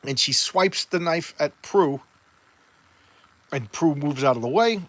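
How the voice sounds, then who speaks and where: A man's voice: a little high, expressive, slow, a bit bright, dry recording. A man casually retelling a comic book story in a loose, rambling way, with many fillers and restarts.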